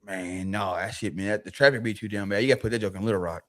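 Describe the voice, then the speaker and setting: A man, co-hosting a casual podcast, animated and swearing freely while he stumbles through restarts. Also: fairly low pitch, fast talker. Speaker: podcast co-host.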